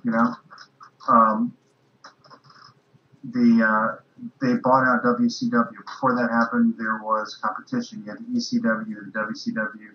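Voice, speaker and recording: A man's voice: medium pitch, completely flat delivery, measured pace, long pauses. Wry middle-aged man, roomy lo-fi sound. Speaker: podcast host. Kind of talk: casual political chat.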